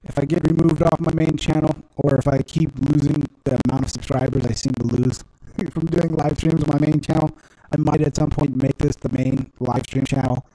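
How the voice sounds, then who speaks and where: A man's voice: on the high side, fairly even intonation, fairly quick, dark tone, dry recording. A man hosting a casual live stream, rambling and laughing often while reading chat comments aloud. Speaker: livestream host.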